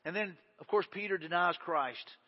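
A middle-aged pastor preaching a folksy, conversational sermon and acting out quoted voices. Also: male voice, sits high, normal speed. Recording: dull, echoey hall sound.

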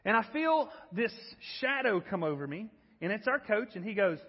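A man in his thirties preaches a sermon in a high, husky voice, telling stories in an animated and self-deprecating way. His voice carries the long reverb of a church hall, and the recording sounds dull and muffled. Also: a little fast. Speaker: pastor. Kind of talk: sermon with storytelling.

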